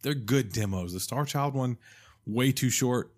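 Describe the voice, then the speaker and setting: A man hosting a podcast in casual chat, enthusiastic and joking. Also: medium pitch. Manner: enthusiastic, joking, quick to laugh. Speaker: podcast host.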